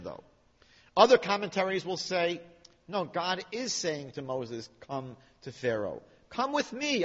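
Bible teacher, man, slightly high husky voice, animated questioning delivery, reverberant hall. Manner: animated, questioning, quotes Hebrew slowly. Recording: dull sound with long hall reverb.

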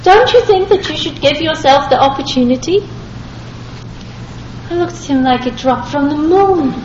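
A middle-aged woman and former minister giving a lively personal testimony to an audience, acting out both sides of her conversations. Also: high-pitched, moderate pace, noisy background. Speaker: former Christian minister telling her story. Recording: echoey hall, dull lo-fi sound.

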